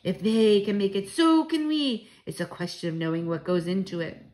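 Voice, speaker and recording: A woman's voice: medium pitch, big pitch swings, moderate pace, a little mellow, close to an everyday voice. A woman reading aloud, voicing a spirited old grandmother who speaks emphatically and commandingly. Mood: fervent. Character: fierce, spirited old grandmother witch-hunter.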